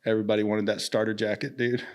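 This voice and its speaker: A man's voice: lowish voice, flat delivery, quick pace. A man hosting a podcast in casual chat, bantering loosely with profanity and jokes. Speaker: podcast host.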